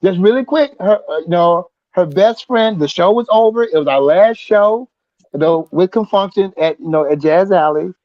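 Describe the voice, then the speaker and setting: Male co-host, high voice, relaxed banter, dry close recording. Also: moderate pace, no echo, highs cut off. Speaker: co-host, musician. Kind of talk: casual talk show banter.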